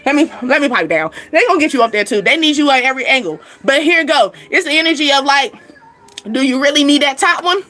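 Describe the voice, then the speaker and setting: A sassy, animated woman with a high voice and quick pace hosts a spiritual reading channel, reading energies for her viewers. She laughs often and talks straight to the listener in a casual way.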